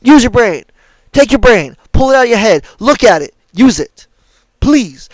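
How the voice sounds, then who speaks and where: A man's voice: very high-pitched, big pitch swings, normal speed, no echo, low-quality recording. Angry profane young man ranting. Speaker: gaming streamer. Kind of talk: ranting gameplay commentary.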